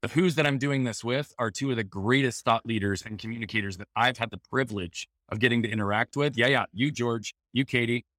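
A man's voice: mid-range voice, fairly quick, hardly any pauses, a bit bright, dry recording, studio quality. A man guest on a podcast, speaking earnestly in an uplifting, motivational way. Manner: earnest, inspirational phrasing. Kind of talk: casual chat.

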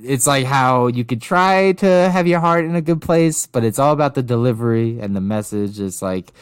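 A man co-hosting a podcast in laid-back casual chat, hesitant and often pausing with fillers. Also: medium pitch, clear, resonant tone, no room sound, clean studio sound. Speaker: podcast co-host.

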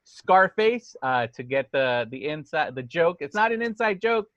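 A man's voice: fairly high pitch, big pitch swings, moderate pace, a bit bright, no echo, dull audio. Upbeat laughing podcast host man. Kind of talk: casual podcast chat.

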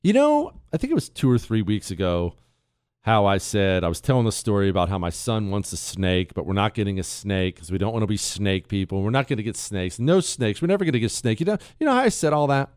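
A man hosting a talk radio show from a studio, telling a story in a casual, animated way. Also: lowish voice, fast, smooth, dry recording. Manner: animated storyteller, laughs at his own tale. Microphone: studio microphone.

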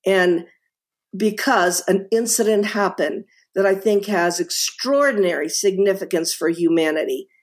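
A woman's voice: medium pitch, unhurried. A middle-aged woman, a guest author in a podcast interview, talking with passion and emphasis, often repeating words and restarting.

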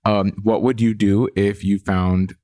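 A woman's voice: extremely low pitch, fairly even intonation, unhurried, mellow, dry recording, studio quality. A woman co-hosting a podcast, chatty and giggly in casual talk. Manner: giggly, chatty, quotes lyrics. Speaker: podcast co-host. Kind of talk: casual chat.

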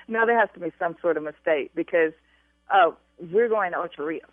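A woman's voice: fairly low pitch, moderate pace, dry recording. A woman on a phone call as a bride, talking emphatically and insistently, repeating her demands. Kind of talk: phone argument. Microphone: telephone. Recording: tinny dry phone line.

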